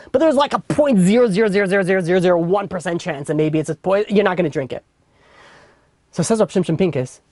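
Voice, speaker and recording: A man's voice: high-pitched, darkish tone, dry recording, clean studio sound. A man with a New York accent teaching an informal Torah class in a casual, chatty way full of fillers and restarts. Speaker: rabbi teaching a weekly class.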